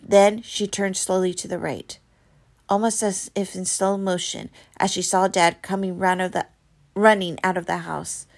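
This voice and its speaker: Woman reading a book out loud, kinda gravelly, dramatic storytelling, mid-pitched voice. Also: level tone, moderate pace. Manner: dramatic storytelling, soft and hushed in quiet passages. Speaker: reader. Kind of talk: reading a novel aloud.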